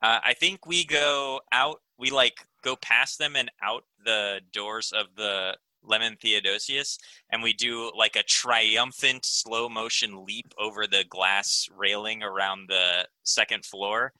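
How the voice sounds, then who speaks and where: A young man playing a tabletop role-playing game, describing his character's actions with animated, self-mocking humor. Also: lowish voice, slow, hardly any pauses, dry recording, low-quality recording. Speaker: player.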